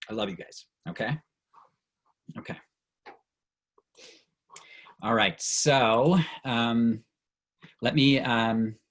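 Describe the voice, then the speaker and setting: Over a video call, a middle-aged man runs an online training session in an earnest, reflective way, at times showing his emotions openly. His voice is fairly low with a breathy edge, heard through a low-quality recording.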